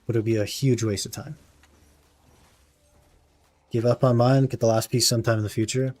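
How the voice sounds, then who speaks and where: A man's voice: medium pitch, steady tone, moderate pace, a little mellow. A young man streaming a game, chatting casually and laid-back with his viewers, often calling them "man". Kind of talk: casual live-stream chat while gaming.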